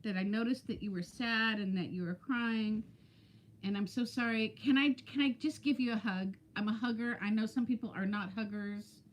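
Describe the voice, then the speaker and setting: A woman's voice: fairly high pitch, moderate pace. A woman in her fifties chatting casually on a live stream, telling stories and greeting viewers by name. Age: 50s. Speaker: weight-loss vlogger.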